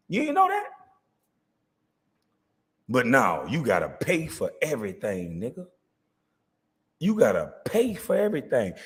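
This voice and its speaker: A man's voice: a little high, long reverb tail. A man hosting his own channel, delivering a profane, taunting rant full of rhetorical questions. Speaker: host.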